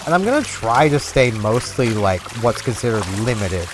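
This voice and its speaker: A man's voice: mid-range voice, sing-song, moderate pace, background noise. A man vlogging while playing a game, rambling casually with many fillers. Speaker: gaming vlogger. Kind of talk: casual chat over gameplay. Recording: game music underneath. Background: game music.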